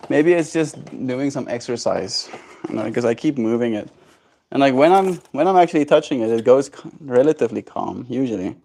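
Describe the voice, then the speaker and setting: A man's voice: mid-range voice, expressive, fairly quick, vocal fry, warm tone. Man, casual vlog commentary, laid-back, slangy, chatty. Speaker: daily streamer.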